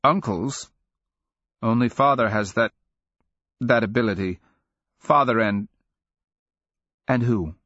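Young princess, perceptive and measured, speaks with careful halts, put on by a male narrator; husky, lo-fi. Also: medium pitch, fairly bright tone, dry recording, voice pushed up. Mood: thoughtful. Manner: measured, thoughtful, faltering restarts. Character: calm, perceptive young princess, teenage girl.

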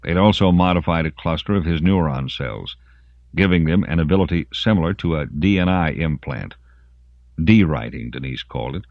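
A man narrating an audiobook in an expressive storytelling manner. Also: very deep voice, moderate pace, dry recording. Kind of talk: scripted narration. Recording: dry, muffled lo-fi audiobook.

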